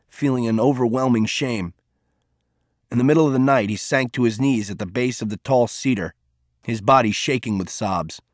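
A man reads a novel aloud at a steady, measured pace, like a polished audiobook. His voice sits mid-range for a man. The recording is dry and close, with no room sound. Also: mid-range voice, dry recording. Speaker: narrator. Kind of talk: scripted audiobook narration.

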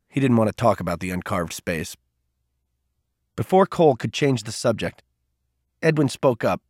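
A man narrating a story aloud in a steady, even reading voice. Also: fairly low pitch, normal speed, pauses often, dry recording, clean studio sound. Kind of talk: audiobook narration.

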